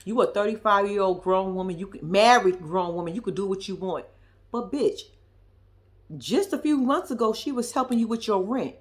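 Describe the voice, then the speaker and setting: A woman's voice: medium pitch, expressive, normal speed. A woman with giving a blunt, profane, casual recap of a reality show, with laughing asides.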